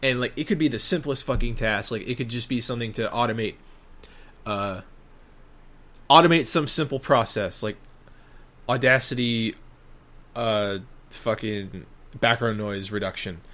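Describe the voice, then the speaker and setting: A man co-hosting a casual podcast, talking at an ordinary middle pitch. He rants in a sarcastic, profane way, piling on mocking complaints. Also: moderate pace, pauses often, fairly bright tone. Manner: sarcastic, swears a lot, rants. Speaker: podcast co-host. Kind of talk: casual chat.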